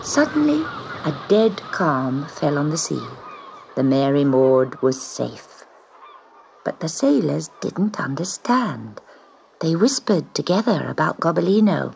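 A woman reading a children's story aloud in an expressive, sing-song way. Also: low voice, unhurried, creaky, breathy edge, poor audio. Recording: background noise.

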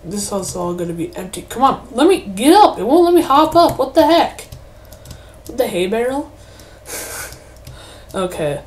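A woman's voice: on the high side, big pitch swings, a little slow, darkish tone. A young woman giving casual commentary while she plays a game, chatting to herself and breaking into mock-grumpy outbursts. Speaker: gaming channel host.

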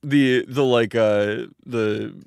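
A man co-hosting a live improvised comedy stream, delivering lines in a dry, deadpan way. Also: mid-range voice, drawn-out words, vocal fry, smooth, no room sound. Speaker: co-host.

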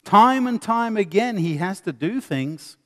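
A man preaching a sermon, swinging between loud emphasis and quiet asides, with many rhetorical questions. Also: high voice, expressive, a little slow. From England. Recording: long reverb of a hall.

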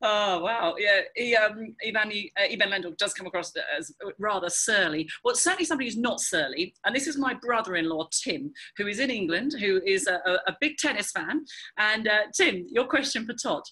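Chatty woman host with a bright tone, casual video-call interview. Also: mid-range voice, expressive, brisk, rough recording.

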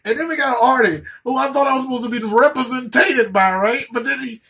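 A man's voice: extremely high pitch, moderate pace, vocal fry, hardly any pauses, bright, forceful tone. A man doing a profane comedic rant, stammering and repeating words as he goes.

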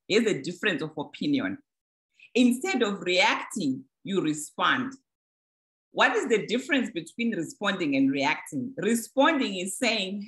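A woman's voice: mid-range voice, a bit bright, poor audio. Woman teaching earnestly to a church group. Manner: earnest, plain teaching with acted-out examples. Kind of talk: teaching talk to a congregation.

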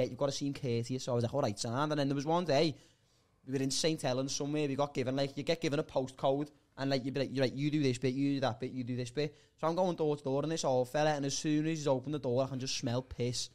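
A man co-hosting a casual comedy podcast, swearing and telling rambling, animated stories. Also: mid-range voice, fast. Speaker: podcast co-host.

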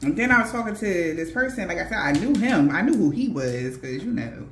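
Animated, cussing woman intuitive reader. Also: lowish voice, fairly quick, over loud music. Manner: animated, profane, laughing asides. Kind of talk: casual spiritual storytelling. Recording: roomy echo.

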